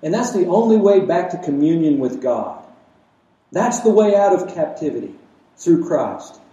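A man delivering a sermon in a reverberant sanctuary, heard from a little way off the microphone. His voice is dark and mellow, sitting slightly high for a man. He preaches emphatically, firing rhetorical questions and swinging from loud declarations to hushed asides. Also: sing-song, normal speed, highs cut off. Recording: echoey room, mic at a distance.

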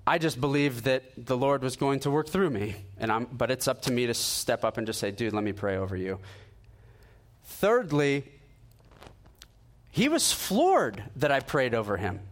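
A man's voice: medium pitch, moderate pace. A man preaching a sermon in an earnest, conversational way, acting out the dialogue in his personal stories. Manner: animated storytelling, acting out dialogue.

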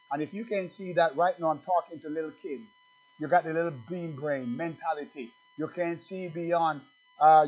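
A man preaching a sermon, emphatic and fervent, swinging from loud bursts to low conversational asides and quizzing his congregation. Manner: asks the congregation questions. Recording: dull lo-fi church recording.

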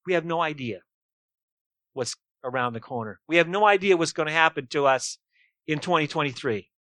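High-voiced emphatic preacher man. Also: brisk, fairly bright tone, no room sound. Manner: emphatic, asks rhetorical questions. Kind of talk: sermon.

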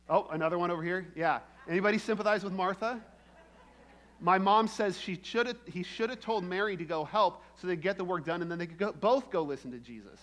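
A man's voice: sits high, a bit bright. A man preaching a sermon in a conversational way, often checking in with the congregation and acting out the quoted lines. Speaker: pastor.

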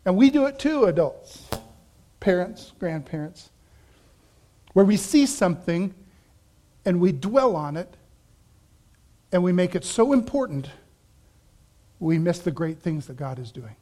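A man preaching a sermon, telling a story with animated shifts and acting out quoted voices, laughing now and then. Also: sits high, measured pace, long pauses. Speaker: pastor.

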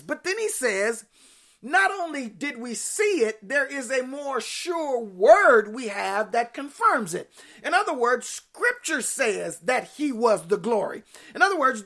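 A high-voiced woman preaching a sermon. Her delivery is emphatic, with repeated key phrases and call-and-response, and it bursts into sudden shouts of praise.

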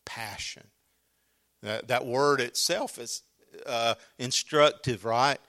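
A man's voice: mid-range voice, takes it slowly, sharp tone. A man preaching a sermon as pastor, earnest and emphatic, often restarting his sentences.

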